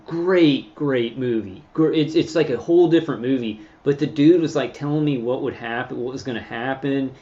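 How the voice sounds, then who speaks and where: A man hosting his own channel, talking in a meandering, halting way with many fillers and restarts while answering live chat. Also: mid-range voice, darkish tone, dull audio. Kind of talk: rambling casual livestream talk.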